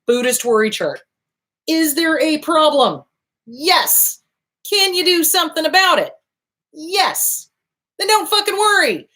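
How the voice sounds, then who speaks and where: A woman therapist hosting a podcast, giving casual advice, swearing freely and acting out quoted voices. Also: a bit bright. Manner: swears freely, acts out quotes with big pitch jumps.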